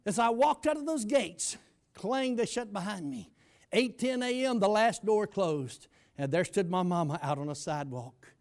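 A man, a pastor giving a folksy testimony sermon that keeps breaking into shouted bursts. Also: high-pitched, animated, moderate pace.

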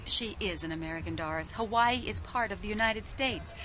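An actress playing a sensible, patient older woman tourist who chides gently, in a radio drama. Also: medium pitch, brisk, natural voice. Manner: calm, gently chiding.

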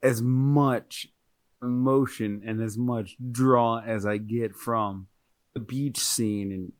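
A man's voice: mid-range voice, steady tone, slow, dry recording. A man co-hosting a podcast, reviewing a movie in casual chat, rambling and correcting himself as he goes. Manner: chatty, rambling, self-correcting. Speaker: podcast co-host.

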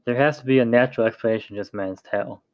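A man's voice: medium pitch, racing, highs cut off, close to an everyday voice. A man reading aloud voices an authoritative male tribal chief who gives curt commands. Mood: commanding.

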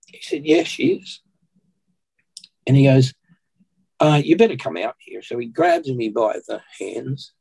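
An Australian man speaks as a podcast guest, telling a personal story in earnest. His voice is gravelly and husky. He keeps an unhurried pace and clears his throat often. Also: fairly low pitch, darkish tone, rough recording.

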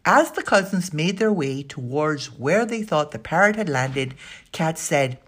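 A woman narrating a children's story aloud, expressive and giving the characters' lines their own voices. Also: low-pitched, measured pace, slightly rough. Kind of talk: storybook reading.

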